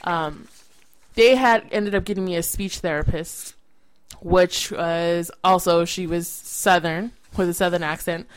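A woman's voice: on the low side, fairly even intonation, unhurried, clean tone, no room sound, rough recording. A woman from California co-hosting a podcast in casual chat, telling rambling, self-mocking stories with frequent restarts. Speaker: podcast co-host.

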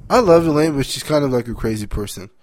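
A man's voice: medium pitch, lively intonation, fast, darkish tone. A man co-hosting a podcast in casual chat, teasing his partner in crude, profane language. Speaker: podcast co-host.

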